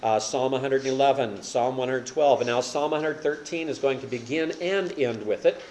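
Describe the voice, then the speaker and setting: A man's voice: mid-range voice, moderate pace, darkish tone, slight background noise. An older man preaching a sermon as a pastor, explaining with rhetorical questions and folksy self-deprecating humor.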